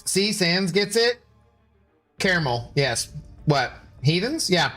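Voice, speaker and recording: A man's voice: sits high, very animated, slow pace, fairly bright tone. Chatty man streamer with faint music. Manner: rambling, playful, self-correcting. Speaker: livestreamer. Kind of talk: casual stream chat, reading chat aloud.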